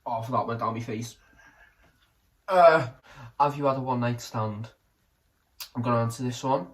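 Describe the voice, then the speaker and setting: A man's voice: medium pitch, moderate pace, rough recording. Cheeky rambling young man. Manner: rambling, cheeky and self-correcting. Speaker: vlogger. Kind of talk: casual chat vlog while drinking.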